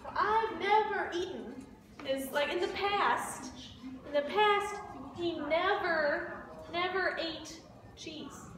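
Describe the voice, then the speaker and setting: A language teacher gives a slow story-listening lesson, retelling a simple story in a high, fairly bright voice and repeating each key phrase several times at an extremely slow, deliberate pace. Recorded from a distance in a very echoey room, she has faint ambience and slight background noise behind her.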